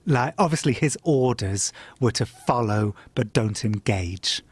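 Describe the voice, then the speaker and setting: A middle-aged man telling an anecdote in a casual chat, animated and swearing, often laughing and jumping up in pitch when he quotes people. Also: measured pace, husky, no echo. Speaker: guest storyteller.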